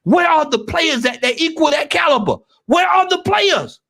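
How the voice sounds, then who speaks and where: A man on a football fan stream, ranting heatedly with lots of repetition and frequent shouting. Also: very high-pitched, lively intonation, normal speed, gravelly. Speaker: football podcast panelist.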